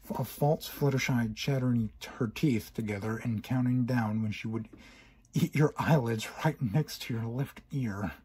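A man reads a horror story in second person, stumbling and restarting now and then. His voice is very husky and mid-pitched. It is an amateur reading. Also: moderate pace, a little mellow. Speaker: narrator. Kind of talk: horror fan-fiction reading.

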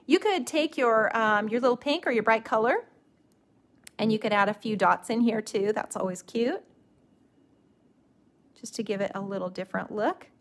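Relaxed, gently instructive woman, slightly high voice. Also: moderate pace, pauses often. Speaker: watercolor stamping instructor. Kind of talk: live craft demonstration.

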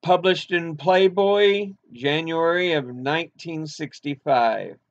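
An older man hosting a podcast, reading an interview aloud in a measured way, with occasional restarts. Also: a little high, dull audio.

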